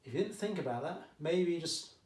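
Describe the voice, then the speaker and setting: A man's voice: on the high side, animated, normal speed, darkish tone, recorded from a distance. Male maths teacher, Essex accent, jokey and conversational, recorded in an echoey room at home. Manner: chatty and jokey, keeps checking in with "okay?". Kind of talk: casual video lesson. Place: at home during lockdown. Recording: echoey room, mic set back.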